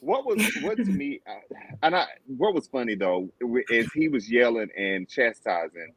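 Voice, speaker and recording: A man's voice: medium pitch, sing-song, moderate pace, rough recording. A man on a review panel chatting about a reality episode in an amused, chatty way. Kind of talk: casual show recap chat.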